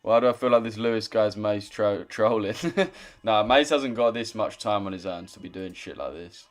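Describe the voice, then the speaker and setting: A young man speaking at normal speed in a lowish voice hangs out on a trading live stream, reading chat comments, swearing and bantering with viewers. Soft music plays behind him.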